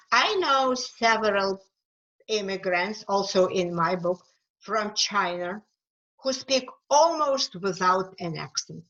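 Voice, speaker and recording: A Ukrainian woman with an East European accent speaks slowly and thoughtfully as a guest author in a webinar, sometimes repeating words while searching for them. Her voice is mid-range and a bit bright, and the audio sounds dull.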